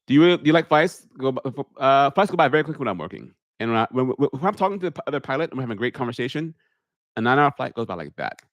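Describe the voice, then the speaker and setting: A man who flies airliners hosts a live, chatty question-and-answer stream from his home media room, reading viewer questions aloud and answering in a deliberate public speaking voice. He is very animated, at medium pitch with a fairly bright tone, and his studio mic on a holder picks up no echo.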